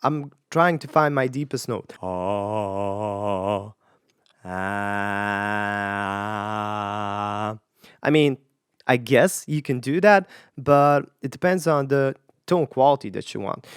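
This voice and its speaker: A woman vocal coach chats through her reactions, trying each tip herself and hedging as she goes. Her voice is smooth and resonant, recorded close and dry with no room sound. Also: low voice, no room sound. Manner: thinking aloud, hedging. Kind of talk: casual commentary with sung demonstrations.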